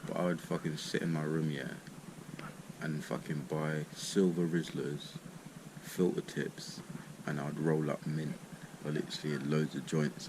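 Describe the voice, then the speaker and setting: A man telling a rambling, sweary story in a laid-back way, smoking as he talks. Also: extremely low pitch. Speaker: vlogger. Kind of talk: casual storytime. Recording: noticeable background noise.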